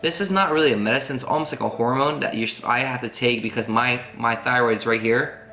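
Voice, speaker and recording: A man's voice: medium pitch, a little fast, pushed and bright. A man telling a long personal story to camera in a casual vlog, rambling and earnest, full of fillers. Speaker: family vlogger. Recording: roomy echo with faint guitar music.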